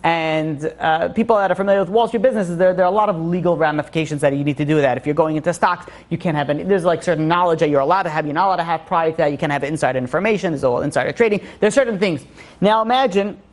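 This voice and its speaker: Fast-talking man teaching a Torah class. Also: a little high. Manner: rambling, many restarts and fillers. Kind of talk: Torah lecture.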